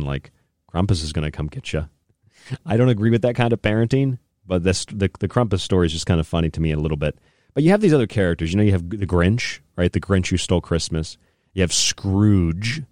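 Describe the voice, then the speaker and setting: A man's voice: deep voice, a little mellow, no room sound, clean studio sound. A young adult man hosting a podcast, ranting in a casual way and laughing often. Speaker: podcast host. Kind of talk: casual rant.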